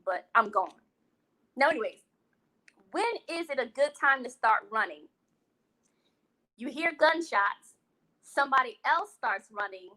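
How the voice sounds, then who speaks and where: A West Indian woman hosting a live eating stream, chatting casually with viewers in a sassy, animated way and laughing often. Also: a little high, rough recording. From West Indian, living in Brooklyn. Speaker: host of a live eating show. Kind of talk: casual live-stream chat, reading comments.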